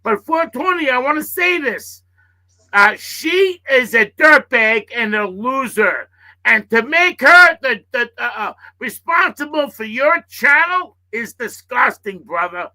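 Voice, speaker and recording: A man's voice: very high-pitched, lively intonation, measured pace, sharp tone, poor audio. A man on a live panel, talking in a heated way, repeating himself and swearing. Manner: repetitive, heated, profane. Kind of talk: heated live-stream chat.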